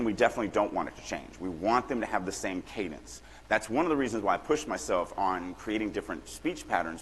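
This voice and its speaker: A middle-aged man from Louisiana giving a lively, joking lecture on writing at a conference, acting out little examples as he goes. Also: low voice, a little hiss or hum. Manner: animated, joking, acts out examples. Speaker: writing workshop speaker. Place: large conference hall. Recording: long hall reverb.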